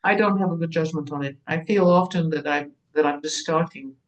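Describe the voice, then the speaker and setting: A woman's voice: deep voice, fairly quick, highs cut off, a little hiss or hum. Older woman, seasoned actress as interview guest, anecdotal and meandering, trails off and restarts. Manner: rambling and anecdotal, with frequent restarts. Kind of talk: casual conversation.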